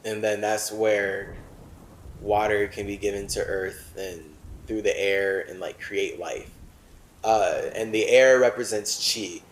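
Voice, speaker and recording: A man hosting a talk show who reads a text aloud and comments on it, switching between solemn reading and animated asides full of "like". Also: lowish voice, takes it slowly, roomy sound, slight background noise, low-quality recording. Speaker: host.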